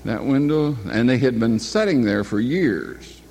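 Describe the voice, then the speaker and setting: A man's voice: medium pitch, expressive, measured pace, gravelly, a little mellow, slightly rough. An older man telling a long personal anecdote in a folksy, meandering way, often stopping to correct himself. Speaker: storyteller. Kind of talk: rambling spoken anecdote.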